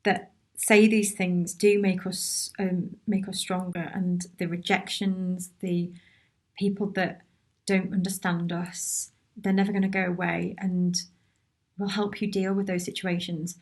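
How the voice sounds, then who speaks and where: A woman's voice: on the low side, little pitch movement, measured pace, darkish tone. A woman hosting a casual live Q&A, chatty and encouraging, reading out viewers' comments and replying to them. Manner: chatty and encouraging, with many restarts and asides. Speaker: workshop host answering viewer questions.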